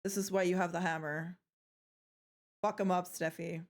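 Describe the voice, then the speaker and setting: A young woman streams live in a fairly low voice with little pitch movement and a moderate pace. Her manner is playful and chatty: she kids around with viewers, swears freely, and trails off and restarts.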